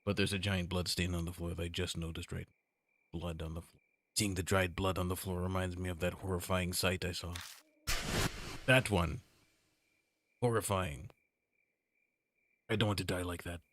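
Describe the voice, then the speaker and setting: A man's voice: deep voice, flat delivery, normal speed, pauses often, a bit bright, no echo. A man streaming a horror visual novel, reading it aloud with playful joking asides. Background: game music.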